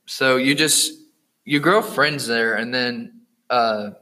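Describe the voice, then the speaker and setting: A teenage boy in a casual chat, earnest and soft-spoken, with a calm, unhurried delivery. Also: mid-range voice, rough recording. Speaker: podcast host.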